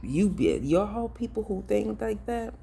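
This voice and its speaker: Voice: mid-range voice, big pitch swings, unhurried, gravelly, warm tone, husky. A ministry vlogger giving earnest, emphatic commentary and talking straight to viewers in a casual, pleading way. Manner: casual and direct, addressing viewers as y'all. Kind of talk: preachy vlog commentary.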